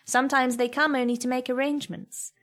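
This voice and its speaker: A woman reading a first-person story aloud in a soft, measured, reflective way. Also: high-pitched, flat delivery. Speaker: narrator.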